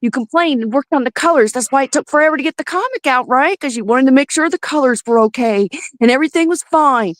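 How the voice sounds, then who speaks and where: A woman's voice: sits high, lively intonation, fast talker, hardly any pauses, dry recording. Furious profane woman ranting. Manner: profane, heated, shouting bursts. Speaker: podcast co-host. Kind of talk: angry ranting commentary.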